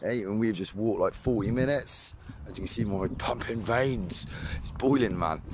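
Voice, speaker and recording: A man with a hoarse voice from a cold, chatting casually and cheerfully into a handheld camera beside a small overgrown lake. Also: fairly low pitch, moderate pace, darkish tone, a little hiss or hum. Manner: upbeat, rambling, laughs often. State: hoarse, losing his voice from a cold. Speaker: fishing vlogger.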